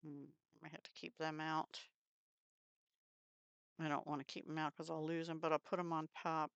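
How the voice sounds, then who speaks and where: A woman's voice: low voice, flat delivery, normal speed, clean tone, no echo, lo-fi sound. A woman hosting a craft channel, chatting casually and admiringly as she shows off paper craft supplies, with little laughs along the way.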